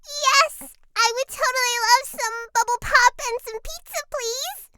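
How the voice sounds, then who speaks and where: A woman's voice: very high voice, unhurried, sharp tone, dry recording, clean studio sound, pitched above the performer's own voice, heavily acted. A woman voicing a bubbly, cheerful little cartoon girl in a sweet, chirpy manner. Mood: excited.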